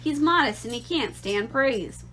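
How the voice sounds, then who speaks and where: A flustered middle-aged male farmer, as a woman reading aloud puts him on, hollering in excitement. His lines come out loud and worked up. It is a light storybook voice rather than a heavy character turn. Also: on the high side, measured pace, faint music behind, voice pushed up.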